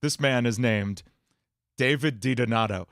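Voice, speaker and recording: A man's voice: fairly low pitch, vocal fry, no room sound, clean studio sound. A man chatting casually on a livestream as a streamer and musician, in a rambling, jokey way with frequent restarts.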